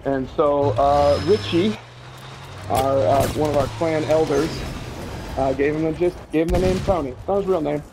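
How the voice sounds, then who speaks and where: A man's voice: on the high side, normal speed, background noise. A man who leads a gaming clan, chatting casually in an interview, easygoing and laughing often. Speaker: clan leader.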